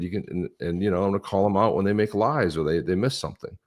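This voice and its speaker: Very deep-voiced man telling stories. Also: quick pace, few pauses, a little mellow. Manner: storytelling, acts out quoted dialogue. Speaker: podcast co-host. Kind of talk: casual political chat.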